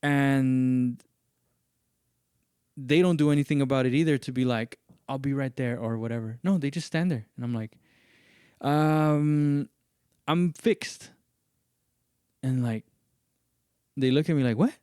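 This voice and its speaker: A man hosting a podcast, telling a story in casual chat and acting out what other people said in raised, animated voices. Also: medium pitch, unhurried, long pauses, clear, resonant tone, dry recording, studio quality. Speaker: podcast host.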